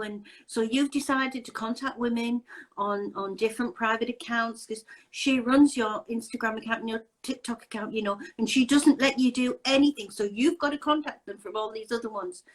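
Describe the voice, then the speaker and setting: A woman's voice: fairly high pitch, low-quality recording. A woman hosting a casual interview chat, talking in an indignant, emphatic way with many rhetorical questions. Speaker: host.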